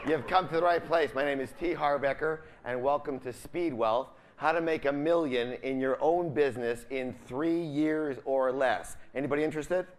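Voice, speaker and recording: A man's voice: fairly high pitch, normal speed, few pauses. A middle-aged man giving a motivational seminar, quizzing the audience and leaving the ends of his sentences for them to fill in. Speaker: seminar speaker.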